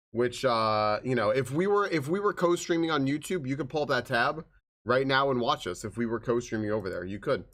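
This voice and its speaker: A man's voice: mid-range voice, a bit bright. A man streaming live, chatting casually and greeting viewers by name, with frequent swearing. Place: home streaming room.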